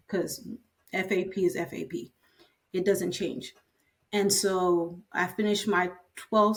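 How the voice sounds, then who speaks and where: A woman in her fifties candidly recounting her own story in an interview, acting out the conversations she had with others. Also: on the low side. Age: 50s. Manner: candid, retells scenes by quoting others. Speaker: patient sharing her story. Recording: voice from a distance.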